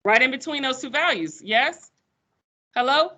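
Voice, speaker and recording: A woman's voice: sits high, expressive, normal speed, sharp tone, highs cut off. A woman teaching a math class, sassy and playful with her students. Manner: sassy, playful, calls students sugar baby.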